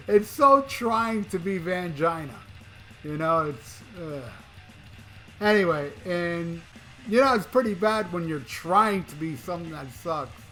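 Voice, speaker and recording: Man, rock news YouTuber, casual and profane, mocking tone, fairly high-pitched voice. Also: a bit bright. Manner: profane, mocking, chuckles often.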